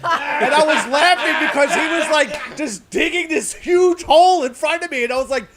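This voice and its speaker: Man, co-host, casual chat, chiming in, very high pitch. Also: normal speed, few pauses, a crowd in the background. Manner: laughing, chiming in. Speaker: podcast co-host.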